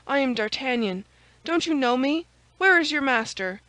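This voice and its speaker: A woman's voice: sits high, expressive, moderate pace, sharp tone, dry recording, voice pushed up, low-quality recording. A woman reading an audiobook, voicing an agitated young male musketeer who pleads urgently.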